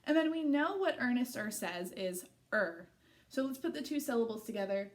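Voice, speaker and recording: A woman's voice: a little high, very animated, unhurried. A young woman teaching a phonics lesson to small children, patiently sounding out letters and syllables and praising each attempt.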